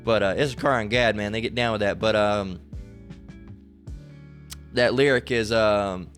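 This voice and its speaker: Low-pitched man, informal and meandering delivery with repeated "all right?", soft music in the background. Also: fairly even intonation, measured pace. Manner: loose and rambling, keeps asking "all right?". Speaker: religious commentator. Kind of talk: casual spoken commentary.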